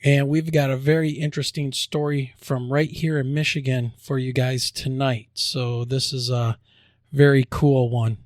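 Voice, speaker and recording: A man's voice: medium pitch, little pitch movement, dry recording, studio quality. Upbeat joking podcast host man. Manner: upbeat, jokey promo delivery, spells out web addresses slowly. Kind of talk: casual podcast chat and announcements.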